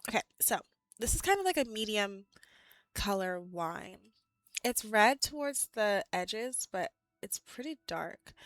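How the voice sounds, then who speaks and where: A young woman in her twenties chatting casually with her live chat as a streamer, animated and full of "like"s and laughs, a bit out of breath. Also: a little high, no room sound.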